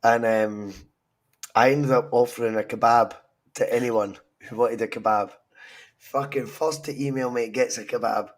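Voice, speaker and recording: A young Scottish man hosting a football podcast, talking in animated, sweary casual banter while he has a cold. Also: mid-range voice, normal speed. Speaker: podcast host.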